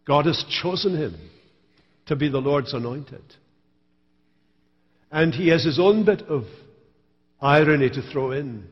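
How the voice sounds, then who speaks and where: Preacher with wry storytelling. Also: male voice, fairly high pitch, animated, measured pace, pauses often, long reverb tail, highs cut off. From Scotland. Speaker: pastor. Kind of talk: sermon. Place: church sanctuary.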